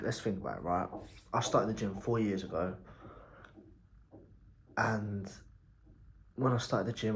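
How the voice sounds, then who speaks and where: Brief: young entrepreneur, low-ish voice, loose rambling vlog talk, blunt with casual swearing. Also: male voice, slight background noise. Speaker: entrepreneur vlogger.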